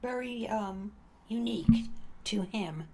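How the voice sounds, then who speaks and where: A woman's voice: on the high side, takes it slowly. A middle-aged woman, the host's mother, chatting casually and agreeably as a guest. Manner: chatty, agreeable, adds warm asides. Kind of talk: casual chat.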